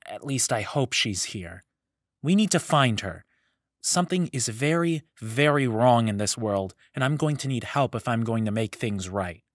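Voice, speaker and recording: A man's voice: expressive, normal speed, no room sound, studio quality, close to an everyday voice. A man voicing a determined male hero of light who speaks in a curt, commanding way. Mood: firm. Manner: curt, commanding, low-key.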